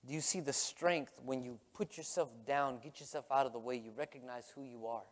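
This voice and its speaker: A man preaching as pastor, impassioned and emotional, with a Texan accent, his voice dropping to a hush and then rising. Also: medium pitch, steady tone, brisk. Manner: impassioned, swinging from hushed to loud. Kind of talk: emotional sermon. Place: large church sanctuary. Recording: long hall reverb.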